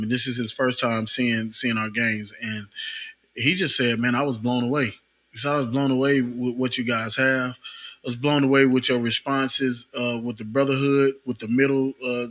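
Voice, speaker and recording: A man co-hosting a basketball league show, chatting casually and telling stories. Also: medium pitch. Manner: animated, laughs easily, storytelling. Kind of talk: casual live-stream chat.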